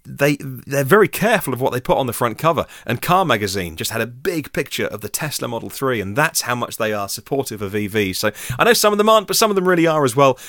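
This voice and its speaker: A man's voice: mid-range voice, fairly bright tone, dry recording, clean studio sound. Chatty man hosting a podcast. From United Kingdom. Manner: chatty, self-deprecating, rambling asides. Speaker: podcast host. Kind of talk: casual solo news podcast.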